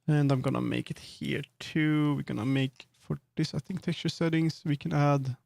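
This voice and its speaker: A man's voice: on the high side, steady tone, moderate pace, vocal fry, a little mellow, no room sound, studio quality. A man chatting casually on a live stream, thinking aloud and correcting himself as he works. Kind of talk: casual live-stream chat while working.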